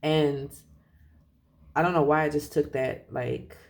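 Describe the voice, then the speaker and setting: A tarot reader talking casually and rambling, correcting themself often and laughing softly as they share a reading. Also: medium pitch, fairly even intonation, takes it slowly.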